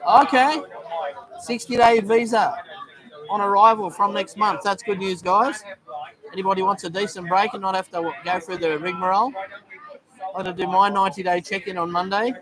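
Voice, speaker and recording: A middle-aged Australian man with a fairly high voice talks casually on a live stream, full of ums and quick greetings to viewers. A crowd of bar patrons chatters clearly around him. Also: level tone. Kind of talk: casual live-stream chat reading comments. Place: busy bar in Thailand. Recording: noisy bar crowd behind.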